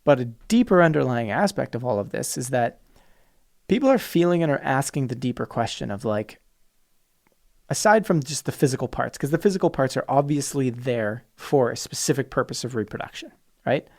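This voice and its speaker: A man with a medium-pitched, creaky, darkish voice hosts a podcast by himself, speaking briskly and with animation. He talks with passion and emphasis, at times mimicking opposing views in mocking voices during his solo monologue.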